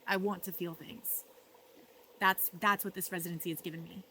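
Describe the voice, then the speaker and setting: A woman talking earnestly in a personal vlog, emotional and reflective, often dropping softly and laughing between thoughts. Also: lowish voice, steady tone, normal speed, slight background noise. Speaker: vlogger. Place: art residency.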